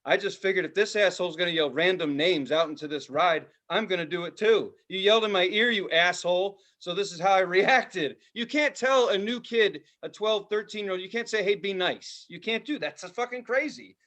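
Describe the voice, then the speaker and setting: A man co-hosting a podcast, telling a profane, animated story in casual chat, now and then shouting loudly. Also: high voice, brisk, hardly any pauses. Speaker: podcast co-host.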